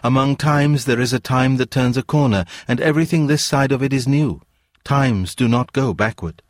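A man voicing a serene, wise young woman from another world in a read-aloud story, speaking calmly and earnestly. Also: medium pitch, moderate pace, no room sound, clean studio sound, voice pushed up, lightly acted.

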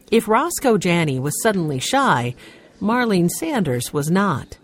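A woman's voice: on the low side, measured pace. A woman narrating a children's storybook and voicing the characters. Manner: expressive, voices the characters. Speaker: audiobook narrator.

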